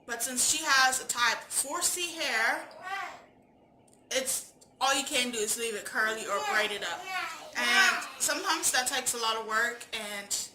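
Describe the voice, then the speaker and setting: A woman's voice: on the high side, animated, a little slow, noisy background. A woman beauty vlogger opening her video in a chatty, giggly way. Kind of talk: casual tutorial intro. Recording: echoey room.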